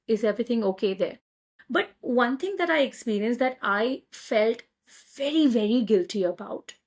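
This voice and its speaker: A woman in her thirties with an Indian English accent, hosting a podcast and speaking candidly and reflectively. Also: sits high. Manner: candid, reflective, uses fillers like "like" and "um". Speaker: podcast host. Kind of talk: personal conversational podcast.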